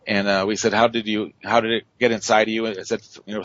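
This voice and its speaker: Low-voiced rambling male radio guest. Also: little pitch movement, brisk, few pauses, a bit bright, no echo, muffled recording. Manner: rambling, many fillers and restarts. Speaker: paranormal investigator guest. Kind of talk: casual storytelling on radio.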